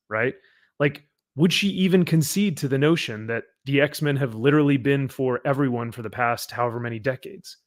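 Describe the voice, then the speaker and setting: A man hosting a relaxed talk show, chatting at an ordinary pitch. He talks loosely, with plenty of fillers and frequent laughs. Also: normal speed. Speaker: podcast host. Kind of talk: casual chat.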